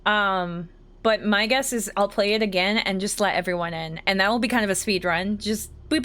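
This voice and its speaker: A woman's voice: medium pitch, steady tone, brisk, a bit bright. Woman streamer, casual playful commentary over a game, mid-range voice, faint background hiss. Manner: chatty, playful, reads game lines aloud and talks to chat.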